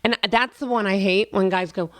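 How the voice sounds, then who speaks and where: A woman's voice: mid-range voice, moderate pace, a bit bright, no room sound, studio quality. Playful young woman mocking on radio. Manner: playful, mocking, does silly impressions. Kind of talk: casual comedic banter. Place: radio studio.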